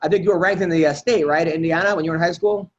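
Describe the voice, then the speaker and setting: A man hosting a casual podcast with a loose, filler-heavy way of prompting his guests. His voice sits high, and the audio is slightly dull and lo-fi. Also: fairly even intonation, very fast. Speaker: podcast host.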